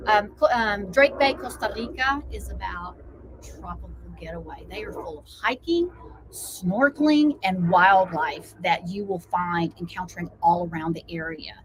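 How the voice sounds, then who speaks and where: A woman's voice: fairly low pitch, normal speed, a little hiss or hum. Southern American woman, earnest wellness coach. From United States, Blue Ridge foothills. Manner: earnest, motivational, with frequent fillers. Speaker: wellness coach and travel host. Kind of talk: casual talking-head vlog. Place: outdoors, aircraft overhead.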